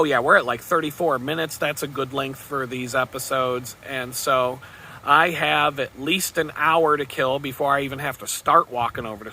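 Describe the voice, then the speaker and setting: A man's voice: mid-range voice, sharp tone, a little hiss or hum. A man vlogging, telling a rambling story in a casual, chatty way and chuckling at it.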